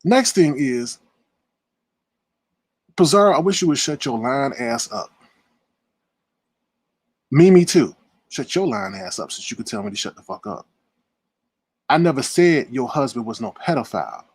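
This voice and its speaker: A man in a heated livestream rant, confrontational and indignant, swinging between loud outbursts and low muttering, with a husky voice. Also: sing-song, unhurried, pauses often, dry recording. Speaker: live-stream commentator. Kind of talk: heated live-stream rant.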